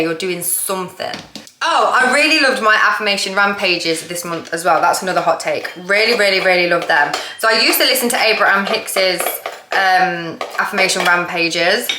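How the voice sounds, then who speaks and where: Woman, manifestation coach, casual blunt chat, mid-pitched voice, roomy kitchen echo, clattering dishes. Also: background noise. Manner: chatty and blunt, with casual swearing. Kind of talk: casual vlog talk while cooking. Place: home kitchen, cooking dinner. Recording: echoey kitchen with cooking clatter.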